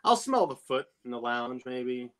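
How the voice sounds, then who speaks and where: A man co-hosting a relaxed cigar podcast in a middle-pitched voice. He speaks in short, easygoing answers. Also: a little slow, clear, resonant tone. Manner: laid-back, brief answers. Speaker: podcast co-host, tobacconist. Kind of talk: casual cigar podcast chat.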